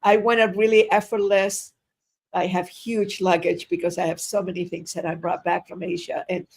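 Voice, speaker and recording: Older woman, gravelly, husky, animated storyteller, repeats words. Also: on the low side, moderate pace. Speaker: guest. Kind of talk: casual storytelling interview.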